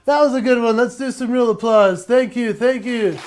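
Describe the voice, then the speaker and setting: A man giving a playful, energetic virtual keynote from his home, laughing often and slightly out of breath. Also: very high-pitched, moderate pace, faint music behind. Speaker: motivational speaker and entertainer.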